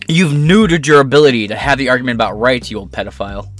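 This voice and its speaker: A man's voice: mid-range voice, quick pace, few pauses, soft background music. A man giving ranting political commentary in a profane, sarcastic and combative way.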